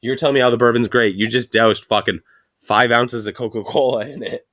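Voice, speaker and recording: A man's voice: medium pitch, fairly even intonation, brisk, fairly bright tone. A man co-hosting a casual podcast chat, telling stories and acting out what his coworkers said, swearing often. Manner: storytelling, acts out quoted coworkers, profane. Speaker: podcast co-host.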